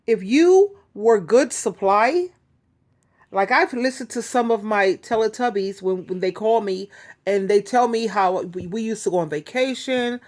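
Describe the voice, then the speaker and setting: A woman's voice: medium pitch, unhurried, a little mellow. A woman hosting her own advice channel, talking casually to viewers in a chatty, rambling way, often giggling and restarting her sentences. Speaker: YouTube advice host. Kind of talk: casual talk to camera.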